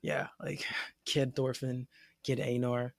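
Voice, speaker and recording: A man's voice: medium pitch, level tone, takes it slowly, creaky, no room sound, studio quality. A man co-hosting an anime discussion podcast, musing hesitantly and restarting his thoughts in casual chat.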